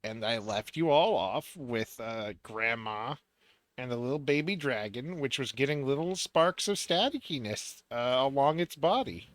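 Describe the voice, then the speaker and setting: A man narrates a tabletop game session as its dungeon master, easygoing and quick to laugh at his own jokes. His voice sits at an ordinary middle pitch and sounds dry and close, with no room around it. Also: expressive, no echo. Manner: laughs often, loose joking narration.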